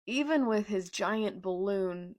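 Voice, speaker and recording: A woman reading a manga live and reacting, excitable and gushing, with gasps and exclamations, reading character lines aloud plainly. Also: medium pitch, slow pace, no echo. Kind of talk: live read-along reaction.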